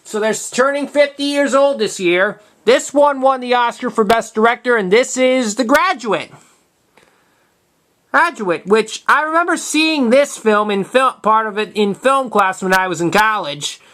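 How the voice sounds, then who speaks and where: A man's voice: very high-pitched, a little slow, a bit bright. A man in his twenties talks through his collection for the camera in a loose, unscripted way. He often stops and restarts words mid-phrase, keeping a plain, matter-of-fact tone, and comes through a camera mic while he handles the items off-screen. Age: 20s. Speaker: video collector showing tapes. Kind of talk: casual show-and-tell vlog.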